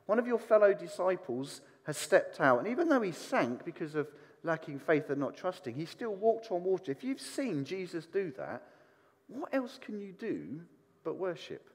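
A man preaching a sermon, animated and putting questions to the congregation. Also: high voice, in a large hall. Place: church hall.

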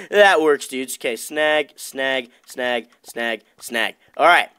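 A young man commentating his own Minecraft let's play as its gaming host, excitable and chatty with his viewers. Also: mid-range voice, slow pace, few pauses, clear, resonant tone, no room sound, clean studio sound. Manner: hyped, excitable, talks to viewers as dudes. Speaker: gaming YouTuber.

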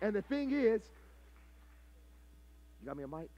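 A pastor preaching a live sermon, calling on his congregation to answer back and building to shouted, sing-song passion. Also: high-pitched, very animated, unhurried, highs cut off, slight background noise. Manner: call-and-response preaching, prompting the congregation.

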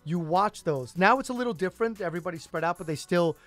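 A man with a slightly raised voice tells a long anecdote in casual radio banter. Faint music plays softly behind him. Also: sits high, fast, no room sound. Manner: animated storyteller who cuts in to correct. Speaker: co-host.

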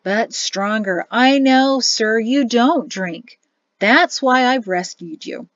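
Give me a woman playing a jovial, chatty male cook in an audiobook, upbeat and a bit high. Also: animated, slow pace, no room sound, highs cut off. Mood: cheerful. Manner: cheery, chatty, boastful. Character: jovial man, innkeeper and cook.

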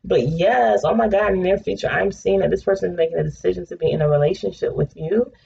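Woman, low gravelly voice, casual tarot reader, chatty and blunt with swearing, slightly muffled recording. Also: quick pace. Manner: chatty, swears freely, breaks into excited laughter. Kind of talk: casual tarot reading monologue. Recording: slightly dull home recording with faint noise.

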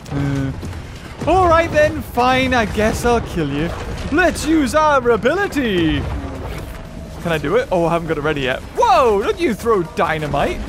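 A young man excitedly commentating his gameplay, often exclaiming and laughing. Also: sits high. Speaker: gaming YouTuber. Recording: game music behind voice.

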